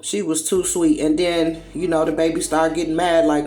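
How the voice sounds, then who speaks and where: A woman hosts a casual commentary monologue in a low voice, speaking at a normal speed with few pauses over soft background music. She's blunt and profane, telling stories animatedly and acting out the quotes.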